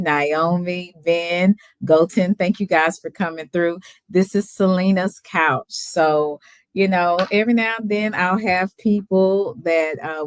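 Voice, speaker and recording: A woman hosting a casual livestream chat, talking easily, greeting viewers by name and laughing often. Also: on the low side. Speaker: livestream host.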